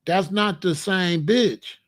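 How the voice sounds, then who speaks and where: A man with a voice that sits high speaks slowly as he hosts a livestream, lecturing the viewers in chat. He comes across as preachy, repeating the same phrases over and over.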